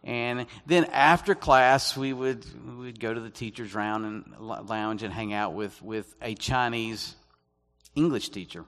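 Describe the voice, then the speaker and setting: A man preaching as a guest speaker, conversational and self-deprecating, reading scripture slowly and deliberately. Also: medium pitch, a bit bright. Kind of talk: sermon. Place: church sanctuary. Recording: long echo of a church hall.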